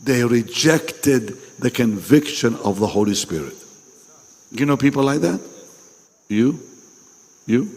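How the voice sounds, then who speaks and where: Slow, animated preacher in a reverberant hall. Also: male voice, mid-range voice, slightly rough. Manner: emphatic, repeats phrases, questions the audience directly. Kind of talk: sermon at a pastors' meeting. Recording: long reverb in a large hall.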